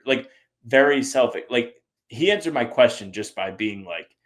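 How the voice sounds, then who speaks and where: A man from the US Northeast, co-hosting a sports podcast in casual chat, animated and acting out the people he quotes. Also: medium pitch, a little slow. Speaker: podcast co-host.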